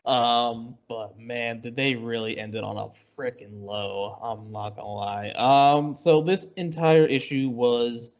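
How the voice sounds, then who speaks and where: A man's voice: mid-range voice, steady tone, takes it slowly, hardly any pauses. Rambling man recapping comics, lo-fi. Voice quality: rambling, filler-heavy, recaps plots. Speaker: comics podcast co-host. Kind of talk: casual chat.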